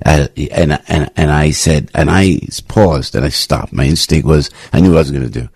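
An older man hosting a radio talk show, telling anecdotes in an emphatic, repetitive, rambling way with sudden swings in pitch. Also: moderate pace, vocal fry, darkish tone, slightly rough, dry recording, studio quality. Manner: emphatic, repetitive, restarts often. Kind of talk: rambling opinion monologue with anecdotes.

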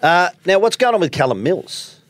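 A man's voice: high-pitched, sing-song, normal speed, a little hiss or hum. An Australian man, a sports journalist co-hosting a podcast, talking in a laid-back casual chat.

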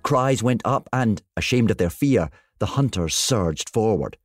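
A man's voice: on the low side, animated, a little slow, hardly any pauses, no room sound, studio quality. A man reading a children's fantasy story aloud, acting out the characters' lines dramatically. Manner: dramatic, lifts his voice for shouted lines. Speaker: guest reader.

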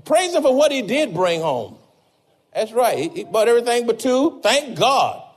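A man's voice: very high-pitched, sing-song, normal speed, slightly rough. A man, an older pastor preaching a sermon with repeated, rising emphasis. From Louisiana.

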